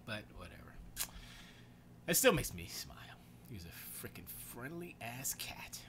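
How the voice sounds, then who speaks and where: A man hosting his podcast and rambling through casual, slangy stories. His bright voice swoops up and down all the time. A faint hiss stays underneath. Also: medium pitch, a little slow, pauses often. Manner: animated storytelling with voiced quotes, slangy. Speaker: podcast host.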